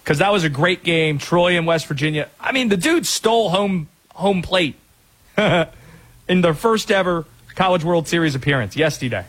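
A man's voice: a little high, expressive, a bit bright, breathy edge. A man hosting a call-in sports radio show, upbeat and joking with callers. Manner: upbeat, joking, quick asides.

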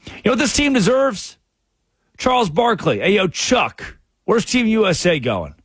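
Husky, sarcastic male sports radio host. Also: measured pace, dry recording, studio quality. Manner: sarcastic and animated, with sudden jumps in pitch. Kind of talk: sports talk radio monologue. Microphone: studio microphone.

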